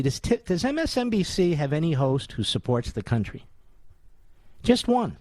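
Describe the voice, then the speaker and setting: A man's voice: mid-range voice, darkish tone, no room sound. A man in his sixties hosting a radio talk show, giving combative, sarcastic political commentary full of rhetorical questions. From United States. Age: 60s.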